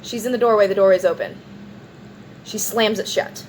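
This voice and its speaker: A woman's voice: medium pitch, normal speed, a little hiss or hum, rough recording. A woman casually telling a long personal story in a vlog, rambling with lots of "like" and acting out what people said. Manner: rambling, animated retelling with many "like"s and acted-out quotes. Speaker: vlogger.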